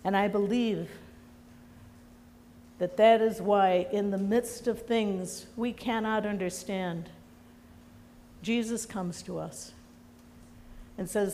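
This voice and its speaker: A woman's voice: mid-range voice, fairly even intonation, slow, pauses often, warm tone, big-room sound, a little hiss or hum. A woman pastor preaching a sermon in a church, telling stories earnestly. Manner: earnest storytelling. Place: church sanctuary.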